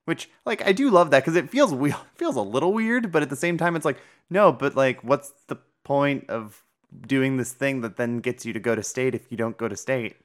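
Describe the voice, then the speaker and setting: A woman co-hosting a podcast, chatting casually about a movie in a relaxed way, often agreeing with short replies. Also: very deep voice. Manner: relaxed, quick backchannel agreement. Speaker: podcast co-host. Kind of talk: casual chat reviewing a movie.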